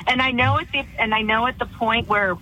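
A woman's voice: fairly high pitch, steady tone, brisk, noisy background. A woman calling a radio advice show, answering in short replies. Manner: brief agreeing replies, nervous laughs. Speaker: caller. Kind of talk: call-in radio chat.

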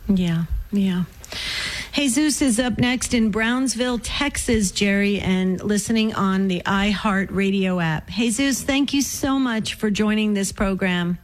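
A woman's voice: medium pitch, unhurried, low-quality recording. A female radio co-host with a mid-range voice. She responds to callers effusively, often repeating words as she gathers her thoughts. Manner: warm and effusive. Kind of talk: radio talk show.

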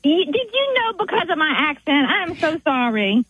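A woman's voice: high voice, very animated, no echo. Southern woman caller on a tinny phone line. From Northern Virginia. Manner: heartfelt, halting with restarts. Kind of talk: call-in chat.

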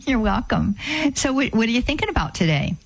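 Halting woman hosting a call-in radio show. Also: fairly high pitch, very animated, vocal fry, poor audio. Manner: halting, many fillers and restarts.

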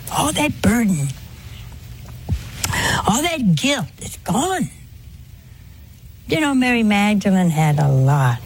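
A woman's voice: lowish voice, vocal fry, darkish tone, a little hiss or hum. An older woman giving a conversational religious talk to an audience, asking rhetorical questions in a homely preaching manner. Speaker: religious speaker.

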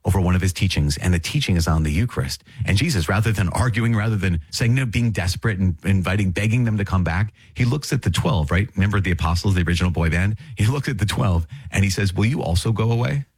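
A man's voice: deep voice, fast talker, hardly any pauses, a little mellow, breathy edge, dry recording. A man hosting a podcast, reading catechism passages and reflecting on them in an earnest, emphatic way, repeating key phrases. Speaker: podcast host.

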